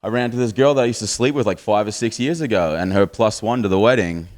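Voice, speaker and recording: A young Australian man working a comedy stage with a stand-up set. His voice sits fairly low. He swears freely and mocks himself in easy, boozy banter with the audience. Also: quick pace, a little mellow. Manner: swearing, boozy, self-mocking banter with the crowd.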